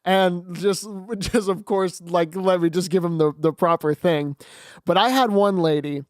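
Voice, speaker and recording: Teen male co-host, high clear voice, relaxed chatty delivery, dry close mic. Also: unhurried, no room sound. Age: teens. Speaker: podcast co-host. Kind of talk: casual chat.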